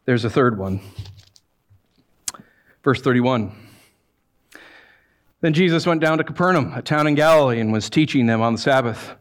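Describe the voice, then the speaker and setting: A man preaching a conversational sermon, animated and acting out voices as he tells the story. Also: medium pitch, normal speed, pauses often. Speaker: pastor.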